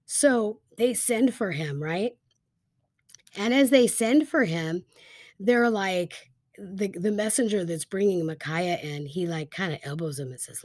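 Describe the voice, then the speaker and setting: A woman casually retelling a Bible story as a teacher, chatty and animated, with lots of fillers. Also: medium pitch, unhurried, no room sound, studio quality.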